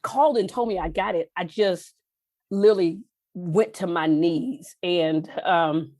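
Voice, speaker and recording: A middle-aged woman from Texas, a podcast guest telling heartfelt stories, her pitch jumping up when she gets animated. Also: measured pace, no echo. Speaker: podcast guest, wine journalist. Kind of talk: emotional storytelling interview.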